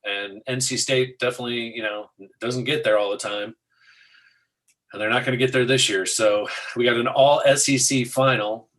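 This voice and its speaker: A man's voice: medium pitch, fairly even intonation, normal speed, fairly bright tone, low-quality recording. A man co-hosting a markets talk show, chatting casually and walking through charts in a matter-of-fact way.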